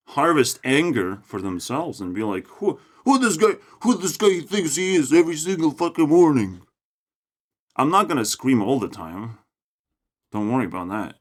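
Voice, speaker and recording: Young Lithuanian-accented man, profane mocking forest rant, very lively pitch, loud bursts and quiet asides. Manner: profane, mocking, swings between loud outbursts and low mutters. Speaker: vlogger. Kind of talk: ranting monologue. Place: outdoors in a forest.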